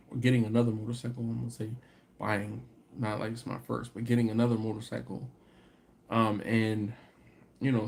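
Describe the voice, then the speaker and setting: A man hosting a barbecue channel's live stream, chatting casually and answering viewer comments, animated and laughing, climbing into exasperated rants. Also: mid-range voice.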